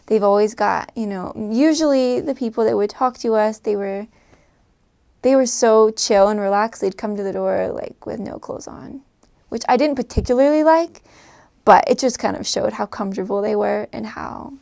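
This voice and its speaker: A young American woman chatting casually to camera, with lots of fillers, soft trailing phrases and frequent laughs. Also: medium pitch, moderate pace, creaky. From United States. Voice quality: filler-heavy, laughing often, trailing off softly. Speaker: vlogger. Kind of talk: casual chat.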